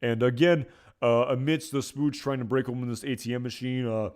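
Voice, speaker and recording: A man's voice: medium pitch, steady tone, fairly quick, a little mellow, clean tone. A man giving casual episode commentary, rambling and hesitant with many fillers. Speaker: video commentator.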